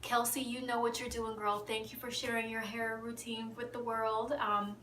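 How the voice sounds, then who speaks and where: A woman's voice: on the high side, normal speed, far from the mic, slight background noise. Gushing woman in an echoey room. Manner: gushing, animated, drops to whispers. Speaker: beauty vlogger. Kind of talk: excited casual vlog chat.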